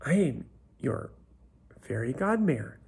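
Man putting on a kind old magic mare, gentle, gravelly, slow. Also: a little high, very animated, heavily acted.

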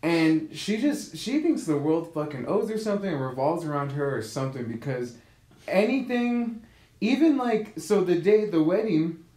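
A man's voice: fairly high pitch, very animated, normal speed, warm tone, echoey room. A man co-hosting a podcast, telling stories in casual chat with frequent swearing and laughs. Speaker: podcast co-host. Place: Korea.

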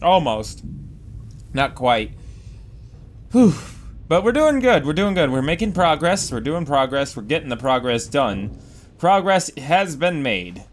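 A man's voice: medium pitch, very animated, measured pace, pauses often, slight background noise. A man giving casual commentary over his own game playthrough, goofy and rambling, exclaiming at what happens on screen. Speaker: Let's Play gamer.

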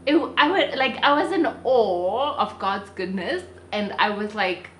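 A young South African woman vlogger with a South African accent, telling a personal story in a chatty, animated way. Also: medium pitch, measured pace. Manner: animated, chatty, restarts sentences. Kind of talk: casual storytelling to camera. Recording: roomy room with faint ambient noise.

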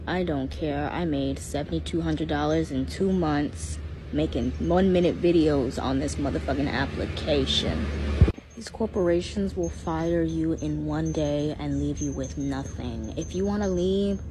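A woman ranting casually and profanely to camera, getting loud when she quotes people. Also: low voice, unhurried, noisy background. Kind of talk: casual rant to phone camera. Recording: music playing behind the voice. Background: clear background music.

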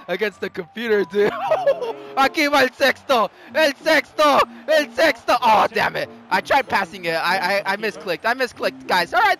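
A young man giving live commentary on his own gameplay, excitable, laughing and shouting often, switching between Spanish and English exclamations. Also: sits high, gravelly. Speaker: gaming YouTuber.

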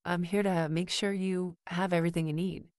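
A woman voicing a polite, nervous young man who volunteers at a hospital. He speaks quietly and hesitantly. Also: fairly low pitch, steady tone, moderate pace, dry recording, studio quality, natural voice.

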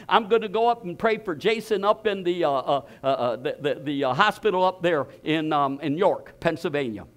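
A man preaching a sermon as pastor, telling a story with animated energy, often repeating words and starting over. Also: fairly high pitch, fairly quick.

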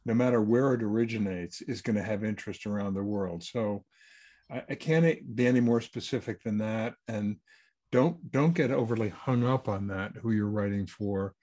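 A man's voice: on the low side, moderate pace, mellow. A man, a published author, answering questions in an easygoing, anecdotal way over a video call. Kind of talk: online Q&A talk.

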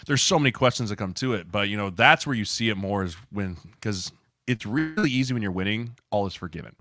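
A man co-hosting a podcast in easygoing chat, his voice sitting a little low. He talks with animated energy and often acts out heated quotes from teammates. The sound is dry and close to the mic. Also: brisk, no echo. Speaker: podcast co-host, former offensive lineman. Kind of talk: casual chat.

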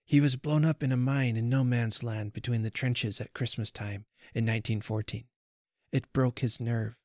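A man reading aloud as Father Time, an old figure speaking gently, slowly and soothingly. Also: mid-range voice, steady tone, no echo, studio quality, natural voice. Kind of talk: storybook reading.

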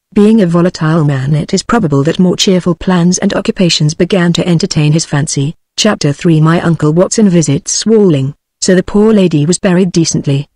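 A text-to-speech voice reading a classic ghost story aloud in an even, synthetic narration. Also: mid-range voice, no room sound, clean studio sound. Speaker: audiobook narrator. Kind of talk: scripted narration.

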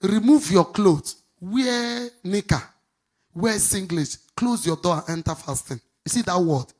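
A woman's voice: lowish voice, lively intonation, darkish tone, slightly rough. Sing-song Nigerian woman pastor preaching. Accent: Nigerian English. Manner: sing-song, quizzes the congregation; emphatic, drawn-out stressed words. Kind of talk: preaching sermon with call-and-response.

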